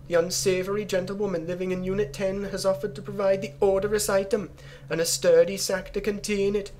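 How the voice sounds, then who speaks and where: Man doing a tired, scheming game assassin, raised voice, drifting put-on accent, slow and deliberate. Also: high-pitched, a little mellow, a little hiss or hum, pitched above the performer's own voice, natural voice. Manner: strained, wandering put-on accent. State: fatigued. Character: scheming male assassin plotting revenge.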